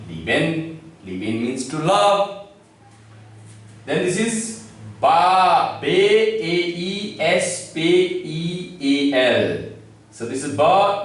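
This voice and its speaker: A man gives a slow, deliberate classroom-style lesson, spelling letters one by one. His voice sits a little high for a man. He is heard from a distance in a very echoey room. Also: slight background noise. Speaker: language teacher. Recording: echoey room, from far off the mic.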